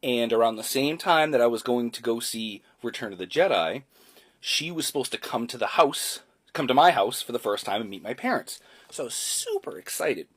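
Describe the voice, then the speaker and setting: Husky, lively man in his forties. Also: mid-range voice, moderate pace. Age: 40s. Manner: chatty, loose, swears casually. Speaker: storyteller. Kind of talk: casual storytelling.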